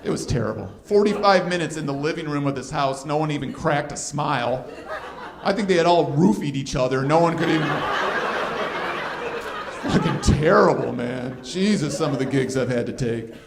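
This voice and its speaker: A man's voice: fairly high pitch, lively intonation, moderate pace, creaky, noisy background. A man in his fifties doing a crude, self-deprecating stand-up comedy set on a club stage. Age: 50s. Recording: live club recording, roomy with crowd laughter.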